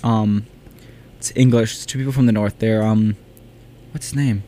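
A man's voice: fairly low pitch, steady tone, normal speed, warm tone. Playful, rambling male podcast co-host. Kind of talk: casual chat.

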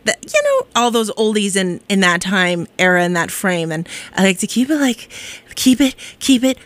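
A woman's voice: medium pitch, very animated, moderate pace, dry recording. A woman radio DJ chatting on air in a bubbly, rambling, effusive way. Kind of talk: casual radio chat.

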